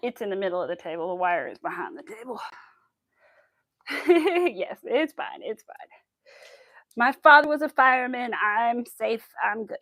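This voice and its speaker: A crafting channel host crochets on a casual livestream, chatting and giggling with her viewers. She speaks a little slowly in a fairly high, sing-song, fairly bright voice, leaving long pauses, and the recording is dry.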